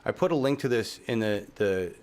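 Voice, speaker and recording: A man hosting his own channel, delivering an impassioned, profane rant outdoors in his yard, swinging between grief and shouting. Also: lowish voice, animated, moderate pace. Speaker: channel host.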